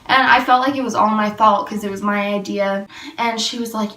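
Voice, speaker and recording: A young woman tells a storytime vlog, rambling and filling her speech with fillers. Her medium-pitched voice is steady yet sharp, moving a little fast. The recording sounds roomy and slightly distant.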